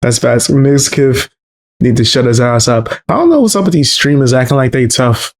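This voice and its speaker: A man's voice: mid-range voice, lively intonation, normal speed. Laid-back slangy male streamer. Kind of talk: casual stream chat.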